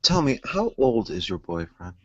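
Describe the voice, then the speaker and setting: A man's voice: mid-range voice, sing-song, husky, no echo, dull audio. A man voicing a menacing man who speaks coldly and threatens. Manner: slow, cold and clipped.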